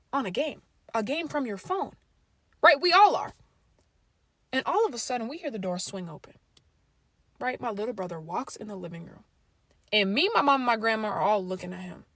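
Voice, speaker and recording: Animated young woman telling a story. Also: a little high, no room sound, clean studio sound. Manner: animated, acts out family members' lines. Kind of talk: storytime vlog.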